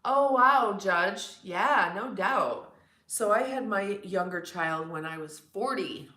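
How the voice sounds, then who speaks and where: A woman's voice: medium pitch, expressive, slow, bright, forceful tone. Chatty New York woman, echoey room. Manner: chatty, frank, blunt, swears casually. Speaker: livestream host. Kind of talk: casual chat with viewers.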